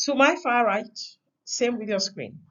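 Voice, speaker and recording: Woman giving a slow online lesson, lots of emphasis, voice swings up and down, kinda dull muffled sound. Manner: expressive, emphatic delivery with big swings in pitch and loudness. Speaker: communication teacher.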